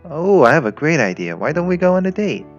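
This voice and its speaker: A man's voice: on the high side, big pitch swings, fast talker, voice pushed up. A man voicing a young female Soviet tank girl with a Russian accent, teasing, creepy and doting. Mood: eager. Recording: lo-fi with faint music.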